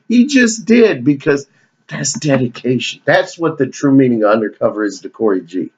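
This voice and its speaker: A man's voice: on the high side, normal speed, lo-fi sound. A man giving a casual, rambling movie countdown, joking and cursing as he goes off on tangents. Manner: digressive, profane, joking. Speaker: movie review vlogger.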